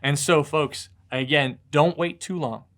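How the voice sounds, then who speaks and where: This pastor's voice is fairly high and a bit bright, his intonation fairly even and his pace unhurried. Delivering a brief devotional sermon, he relates stories with earnest sincerity and frequently repeats words.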